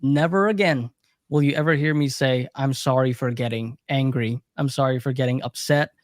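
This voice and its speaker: A young man co-hosts a recovery livestream, speaking earnestly and reflectively at a middle pitch. He drives points home by repeating phrases, and his voice sounds dry and close to the mic. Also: normal speed, no room sound. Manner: earnest, reflective, emphatic repetition. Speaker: recovery coach, livestream co-host. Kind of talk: casual livestream Q&A talk.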